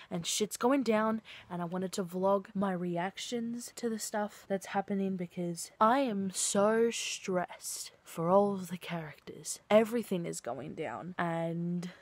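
Excitable young woman reading vlogger. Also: medium pitch, no echo. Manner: excitable, says "like" a lot. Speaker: book vlogger. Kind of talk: casual reading vlog. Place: at home late at night.

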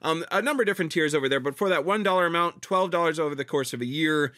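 A man's voice: on the high side, rapid-fire, bright, forceful tone, no room sound, studio quality. A man co-hosting a podcast, speaking in a friendly, casual way and often repeating words as he starts a sentence. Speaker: podcast co-host. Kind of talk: casual chat and patron appeal.

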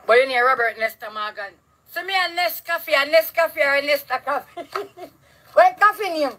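A Jamaican woman ranting outdoors in a yard, loud, heated and full of curses, recorded on a phone. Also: high-pitched, normal speed, low-quality recording. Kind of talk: angry street rant to camera.

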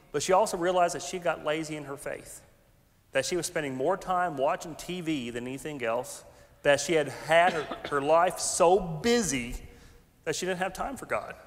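High-voiced pastor in a hall. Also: male voice. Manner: conversational, animated, folksy asides. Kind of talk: sermon. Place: large church sanctuary. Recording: long hall reverb.

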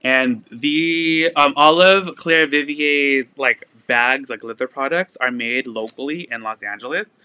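A young man hosting a casual live sale stream, chatting loosely with lots of fillers and quick laughs. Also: medium pitch, pushed and bright, a little hiss or hum.

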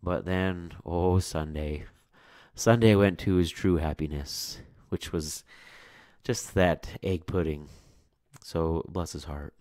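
Low-voiced man chatting about a book. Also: slow pace, darkish tone, dry recording, clean studio sound. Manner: casual, chatty asides. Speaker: book reviewer and reader. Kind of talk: read-aloud with chatty commentary.

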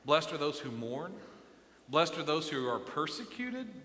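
A middle-aged male pastor preaching a sermon with passion, moving from quiet remarks to loud emphatic lines. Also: on the high side, big pitch swings, measured pace. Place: church sanctuary. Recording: echoey church hall.

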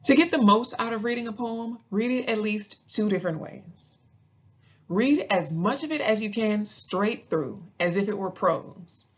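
A woman teacher calmly explaining how to read poetry in clear, scripted narration, slowing down to stress rhythm. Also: mid-range voice, highs cut off. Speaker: English teacher.

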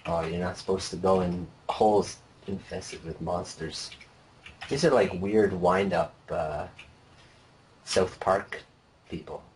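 A man's voice: deep voice, fairly even intonation, takes it slowly, slight background noise. A man co-hosting a let's play, making dry, laid-back jokes while he plays. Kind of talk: casual gameplay chat.

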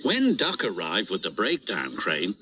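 A British man narrating a children's storybook with a lively, expressive reading voice. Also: low voice, a little slow, slightly rough.

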